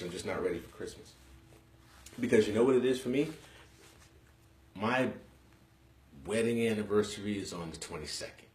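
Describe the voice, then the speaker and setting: A young man from Harlem, hosting a live webcast from home and chatting bluntly with viewers in slang. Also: on the low side. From Harlem, New York City. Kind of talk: casual live-stream chat. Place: room in his home. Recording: echoey room.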